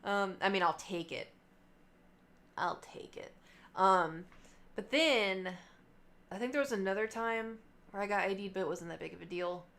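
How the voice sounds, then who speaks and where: A woman's voice: mid-range voice, moderate pace, pauses often. A woman in her late twenties, a live streamer, telling stories in a casual, chatty way with lots of fillers and asides. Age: late 20s. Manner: chatty, animated, many fillers and trailing asides. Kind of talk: casual storytelling chat.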